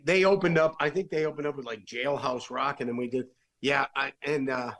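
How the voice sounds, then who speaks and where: A late-middle-aged man with a gravelly, creaky edge to his voice and a middle-pitched register. He tells road stories as a rock musician guest, wandering through them with restarts and fillers. The delivery is loose and conversational. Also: fairly quick, a bit bright, poor audio. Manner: rambling, with many restarts and fillers. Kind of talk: casual storytelling.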